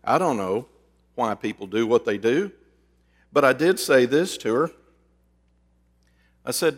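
A male pastor preaching a sermon, telling folksy, animated stories. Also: medium pitch, unhurried, pauses often. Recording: long reverb of a large hall.

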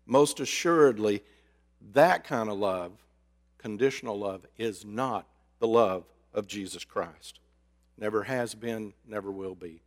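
A man preaching a sermon, swinging between loud emphasis and hushed, drawn-out words. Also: fairly low pitch. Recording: reverberant hall.

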